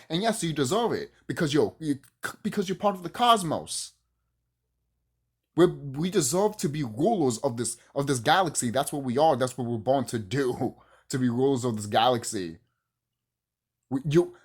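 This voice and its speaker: Brief: male vlogger, heated profane rant, voice rising and falling wildly, mid-pitched. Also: slightly rough. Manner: heated, profane, preachy, rambling. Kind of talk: unscripted rant to camera.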